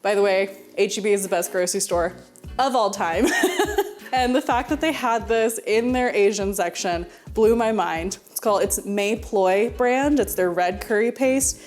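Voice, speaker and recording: A young woman from Houston hosts a laid-back cooking tutorial in a chatty, giggly way. Her voice sits at an ordinary middle pitch, with soft music playing faintly behind her. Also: moderate pace. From Houston, Texas. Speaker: cooking show host.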